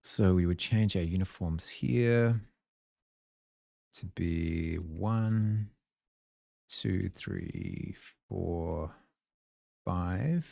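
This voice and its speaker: A man's voice: low-pitched, creaky, dark tone, no room sound, studio quality. A man in his forties with a New Zealand accent, musing aloud as he codes on a live stream and chats with viewers. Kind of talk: casual thinking-aloud coding stream.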